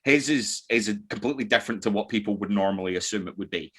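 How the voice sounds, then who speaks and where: A man's voice: lowish voice, a bit bright, slightly rough. A man with a mixed Scottish accent, hosting a casual podcast chat full of joking and swearing. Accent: Scottish, mixed from living in many places. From Scotland. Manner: swearing, joking, quick banter with restarts. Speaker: podcast host. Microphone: desk mic.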